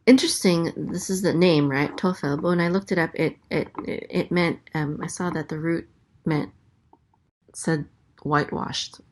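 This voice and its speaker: A woman teaching a language lesson, sounding out letters and vowels slowly and carefully, with frequent hesitations. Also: sits low, fairly even intonation, a little mellow. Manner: hesitant, many ums, slow careful sounding-out. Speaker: Hebrew teacher. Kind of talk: casual teaching, spelling out letters.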